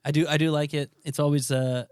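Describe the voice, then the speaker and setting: A man's voice: on the high side, little pitch movement, brisk, darkish tone, clear, resonant tone, no room sound, clean studio sound. A man co-hosting a podcast in casual chat, joking and loose, swearing now and then. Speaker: podcast co-host.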